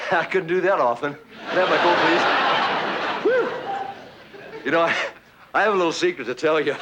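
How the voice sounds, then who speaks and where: A man's voice: fairly high pitch, animated, moderate pace, pauses often, lo-fi sound, over a noisy crowd, very noisy. A man hosting a variety show, out of breath after dancing and joking theatrically with the audience. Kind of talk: song and comedy sketch.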